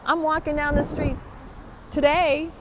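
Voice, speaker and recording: A woman's voice: high-pitched, flat delivery, measured pace, background noise. A woman talking to her viewers in a motivational vlog, upbeat and chatty. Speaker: vlogger. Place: outdoors.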